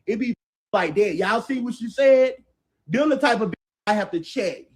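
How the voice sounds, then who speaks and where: A man's voice: very high-pitched, expressive, normal speed. A man ranting angrily and profanely to viewers on a livestream, cursing at commenters and then apologizing, speaking. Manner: profane, confrontational, repeatedly apologizing. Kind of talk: heated livestream rant.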